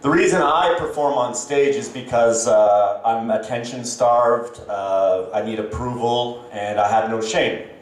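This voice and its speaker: A Canadian man in his thirties doing a stand-up set on stage, self-deprecating and halting, with many fillers. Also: mid-range voice, heavy reverb, recorded from a distance. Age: 30s. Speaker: stand-up comedian. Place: comedy club stage. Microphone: handheld stage mic.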